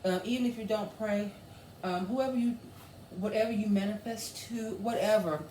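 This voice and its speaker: A woman's voice: medium pitch, normal speed, dark tone. Woman, 30s, upbeat matter-of-fact co-host, echoey room with faint hiss. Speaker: podcast co-host. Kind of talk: casual chat.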